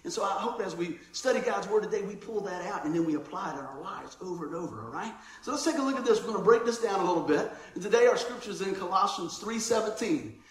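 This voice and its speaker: A man's voice: high-pitched, animated, quick pace, hardly any pauses. A man preaching a sermon in a church, casual and chatty, calling listeners man and bro. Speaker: pastor. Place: church sanctuary. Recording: roomy church echo.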